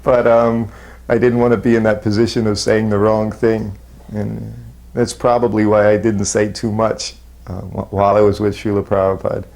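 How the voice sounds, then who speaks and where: A man with a fairly low voice looks back on his years as a disciple. He talks in a halting, self-deprecating way, pausing and restarting often. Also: flat delivery, gravelly, darkish tone. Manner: halting, self-deprecating, chuckles between memories. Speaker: former disciple recalling memories. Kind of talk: reminiscing interview.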